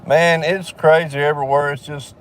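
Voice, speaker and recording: A man's voice: a little high, little pitch movement, normal speed, a little hiss or hum. A man from Alabama with a Southern accent, telling a long story in a casual vlog, swearing heavily and rambling with fillers, recorded in a vehicle.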